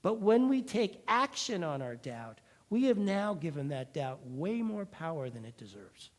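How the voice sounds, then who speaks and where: A man giving a sermon as pastor, telling a story in a lively, conversational way. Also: fairly high pitch, unhurried.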